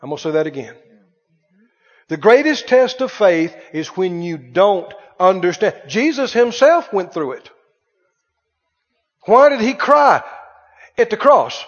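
A man preaching a sermon, swinging between hushed and loud and asking rhetorical questions. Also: sits high, big pitch swings, unhurried, long pauses. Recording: dull reverberant hall sound.

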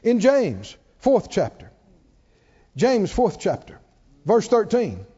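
A high-pitched man preaching a sermon, his voice ringing around a church hall with a long reverb. He talks in a mellow tone and rises and falls a lot, calling on the congregation to answer back. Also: wildly swooping pitch, slow, husky, dull audio. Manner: call-and-response preaching, asks the congregation to repeat lines.

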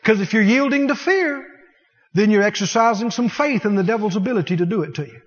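A male preacher with a high voice delivers an animated sermon, breaking into shouts and scornful laughter as he acts out little scenes. His voice rings with a long hall reverb. The sound is dull and lo-fi. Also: brisk, husky.

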